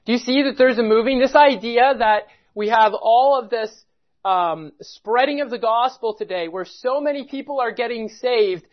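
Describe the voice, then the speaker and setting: A man's voice: very high-pitched, normal speed, lo-fi sound. A man preaching a sermon, earnest, quoting scripture in old-style English. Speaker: pastor.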